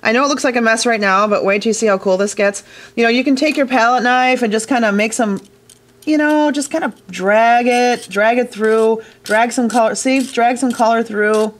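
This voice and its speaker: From her studio workshop, a woman leads a casual hands-on glass fusing tutorial, chatting enthusiastically right to her viewers. She has a fairly high pitch and keeps a moderate pace.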